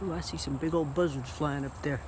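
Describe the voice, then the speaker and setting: A woman's voice: sits low, fairly even intonation, a little fast. A woman walking around her homestead yard with a handheld camera, chatting casually and talking to her animals as she goes. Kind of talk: casual walk-and-talk vlog. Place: outdoors on a homestead yard after a storm. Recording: noisy outdoor recording.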